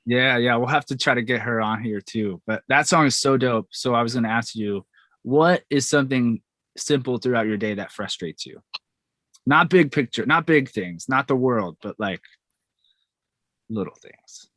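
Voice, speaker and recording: A man's voice: medium pitch, normal speed, a bit bright, no room sound. A man hosting a casual podcast interview, asking chatty questions in an upbeat, friendly way. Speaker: podcast host.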